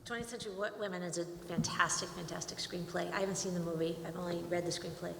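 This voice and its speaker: A woman's voice: on the low side, fairly even intonation, fast talker, gravelly, very noisy. A middle-aged woman, a screenwriting teacher, talking casually on a panel in a large auditorium, chatty and breaking off mid-sentence. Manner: chatty, self-interrupting, laughs often. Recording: roomy hall with long reverb.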